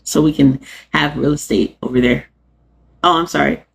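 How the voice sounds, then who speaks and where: A woman hosts her own show and rants to her viewers with sarcastic, animated energy. Her voice is husky, with a gravelly edge. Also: deep voice, normal speed. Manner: animated, sarcastic, laughs often, addresses chat. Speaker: podcast host. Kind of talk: live-streamed rant to viewers.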